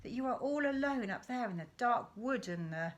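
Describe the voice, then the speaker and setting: A woman's voice: fairly high pitch, normal speed, voice pushed up, natural voice. A woman doing a mischievous storytelling father. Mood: conspiratorial. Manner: animated, conspiratorial, relishing his tall tales. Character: playful father, a boastful and mischievous poacher.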